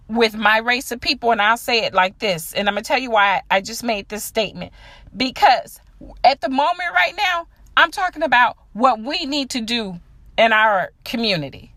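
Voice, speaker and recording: A woman's voice: on the high side, pushed and bright, no echo. A woman hosting her own podcast, delivering a blunt, profane opinion monologue straight to her listeners. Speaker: podcast host.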